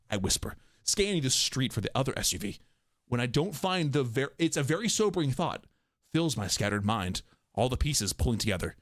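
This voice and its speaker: A man streaming a game, reading and reacting aloud in a jokey way, quick to laugh. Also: medium pitch, very animated, dry recording, studio quality.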